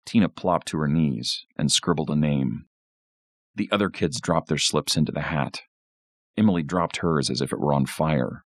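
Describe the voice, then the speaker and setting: Very deep-voiced man reading a horror story. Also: normal speed, dry recording, clean studio sound. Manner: expressive storytelling. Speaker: podcast host.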